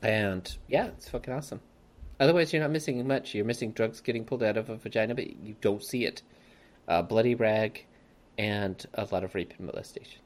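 A man's voice: lowish voice, a little fast. A man hosting a casual podcast about a movie, rambling and laughing often. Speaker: podcast host. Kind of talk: casual movie review chat.

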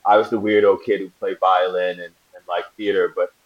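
A man from Brooklyn, New York, telling stories as a guest actor in a casual interview, animated and laughing often. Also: low-pitched, a little fast, lo-fi sound. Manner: animated storyteller, laughs often, acts out quotes. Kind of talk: casual anecdotal interview chat.

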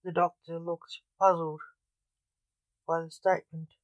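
A storyteller narrating a short tale aloud at a very slow, measured pace. The voice sits at a middle pitch. The sound is dry and close, with no room echo. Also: level tone.

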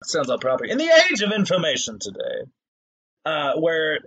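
Male podcast co-host, husky and bright, animated and foul-mouthed storyteller. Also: fairly high pitch, normal speed. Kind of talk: casual podcast chat.

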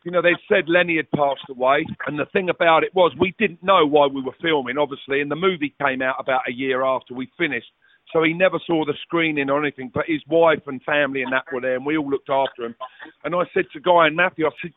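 Man, middle-aged, rambling anecdotes, slightly high voice, tinny dry sound. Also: fast, no echo. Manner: rambling anecdotes with swearing and restarts. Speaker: guest, former footballer. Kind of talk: casual storytelling chat. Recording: tinny phone-like audio, dry.

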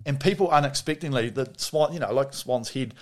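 A man's voice: medium pitch, fairly quick. A middle-aged man telling a wild anecdote in loose, casual talk. He rambles, restarts sentences and swears freely. It comes across close on a podcast mic. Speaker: podcast guest. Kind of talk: casual storytelling.

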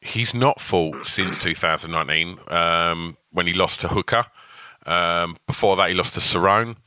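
A man's voice: sits low, moderate pace, bright, forceful tone, clean tone, dry recording. A man co-hosting a podcast in loose, rambling casual chat. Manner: loose, rambling, with many fillers. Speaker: podcast co-host.

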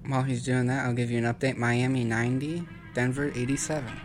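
A man's voice: medium pitch, little pitch movement, fast, music in the background. A man co-hosting a casual podcast chat, dryly reading out facts he has looked up. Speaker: podcast co-host.

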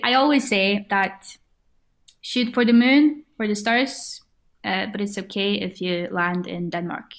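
A woman's voice: mid-range voice, fairly even intonation, takes it slowly. A woman guest whose first language is Swedish and whose English carries a Scottish-sounding accent; she answers casually and sometimes searches for words. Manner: searches for words, hesitant restarts. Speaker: band member guest.

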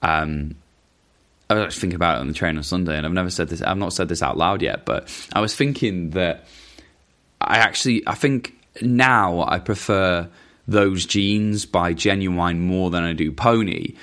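A man's voice: deep voice, normal speed, a bit bright. A man hosting a podcast, casually answering listener questions in a rambling, self-interrupting way with chuckling asides. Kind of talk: casual chat.

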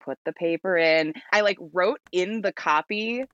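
A woman's voice: fairly low pitch, a little slow, a bit bright, no echo, dull audio. A woman from New York with an American accent, telling a story as a podcast guest in a chatty, giggly way. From New York, United States. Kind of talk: casual storytelling.

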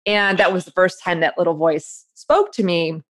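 Woman in her forties, author guest, lively storyteller, slightly low voice, fast bursts of speech. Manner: animated, quick storyteller who acts out her inner voice. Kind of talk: conversational interview.

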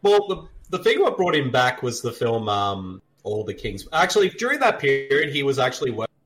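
A man's voice: mid-range voice, big pitch swings, fairly quick, fairly bright tone. A man co-hosting a podcast, chatting casually over a movie and sharing film trivia, laughing often. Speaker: podcast co-host. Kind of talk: casual movie commentary chat.

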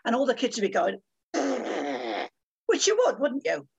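Older woman, podcast guest; husky, animated, theatrical storyteller. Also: on the high side, unhurried, highs cut off. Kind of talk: storytelling interview.

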